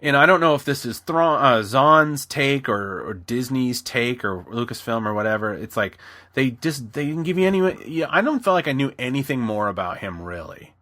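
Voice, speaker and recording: A man's voice: mid-range voice, lively intonation, moderate pace, bright, forceful tone. A man co-hosting a podcast, talking casually and rambling with restarts, sometimes slipping into voices. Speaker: podcast co-host. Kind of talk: casual chat.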